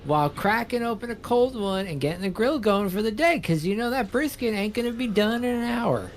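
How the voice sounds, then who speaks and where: A man doing a boastful Southern American good ol' boy voice with a put-on Southern accent and a slow drawl. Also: sits high, animated, slight background noise, voice pushed up.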